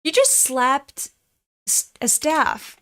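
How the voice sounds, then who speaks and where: European woman, excitable reaction reader, swears a lot, slow drawn-out delivery, slightly high voice. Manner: excitable, swears, gasps and exclaims. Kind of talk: casual reaction commentary.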